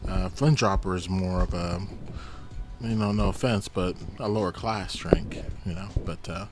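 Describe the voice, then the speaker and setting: Man doing a soft accommodating barmaid, lowish voice, faint music behind. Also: steady tone, normal speed, natural voice.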